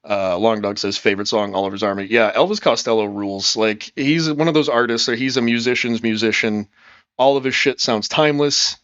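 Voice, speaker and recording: A man's voice: medium pitch, fairly quick, a bit bright, smooth, no room sound, muffled recording. A man hosting a casual livestream, upbeat and rambling, reading chat comments and swearing freely. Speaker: livestream host.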